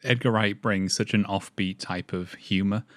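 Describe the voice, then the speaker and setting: A British man gives thoughtful, analytical takes on a film in a lowish voice. His delivery is articulate and measured, recorded dry and close. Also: steady tone, a bit bright, no room sound. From Britain. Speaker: film review co-host. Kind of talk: casual film review chat.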